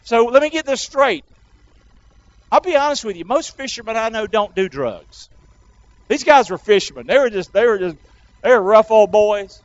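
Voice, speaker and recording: A high-voiced man preaches in an animated, call-and-response style. His sound is dry and a little dull, with no room around it. He pushes the congregation to say lines back to him. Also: moderate pace, no echo. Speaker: pastor. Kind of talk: sermon.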